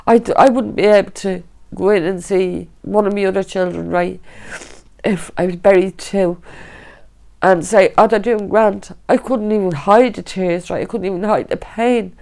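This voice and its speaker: A woman's voice: medium pitch, moderate pace, vocal fry, a little mellow. A middle-aged woman with a Dublin accent, giving a personal testimony in an interview and telling her story vividly, acting out the voices of others. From Dublin, Ireland. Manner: vivid storytelling, reenacting voices, frequent "right?". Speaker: interviewee, fire survivor.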